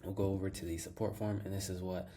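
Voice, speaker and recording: A man with a low, deep voice guides viewers through a software demo in a casual, upbeat way. His tone is mellow and relaxed, and he leans on fillers and restarts as he explains each step. He sounds like he is talking into a desk mic while sharing his screen. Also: quick pace. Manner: enthusiastic, fills with "like" and repeats himself. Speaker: tutorial host. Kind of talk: casual screen-share tutorial.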